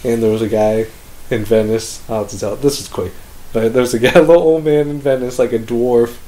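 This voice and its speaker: A man's voice: medium pitch, fairly even intonation, a little fast, dark tone. A young man co-hosting a podcast, telling a travel story in casual chat, full of "like", swearing and laughter. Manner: rambling storyteller, heavy "like" filler, swears, laughs often. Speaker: podcast co-host.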